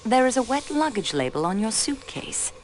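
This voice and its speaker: The player's investigator in an adventure game, a railway clerk who questions suspects politely but pointedly. Her mid-pitched voice is very lively in its melody, and a faint hiss sits under it. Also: moderate pace, low-quality recording. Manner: polite, probing, with French courtesies. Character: young woman railway clerk acting as detective. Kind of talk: voice acting in a video game.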